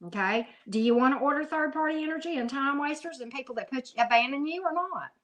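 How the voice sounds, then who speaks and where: A woman speaks plainly and bluntly, scolding her listeners with tough love and the odd curse word. Her voice sits a little high for a woman. She talks like a spiritual coach who has no patience for self-pity. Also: fast talker, a bit bright. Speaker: tarot reader. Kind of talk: blunt spiritual pep talk.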